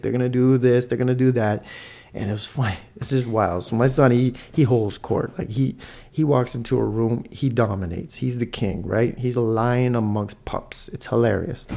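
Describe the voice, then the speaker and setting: A man in his thirties hosting a solo podcast, telling a rambling story with excitement and swearing freely. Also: medium pitch, gravelly. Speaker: podcast host.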